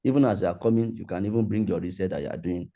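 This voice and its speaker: Deep-voiced man leading a workshop. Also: very fast, warm tone. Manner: conversational, repetitive, loose phrasing. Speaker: workshop facilitator. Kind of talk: online workshop talk and Q&A.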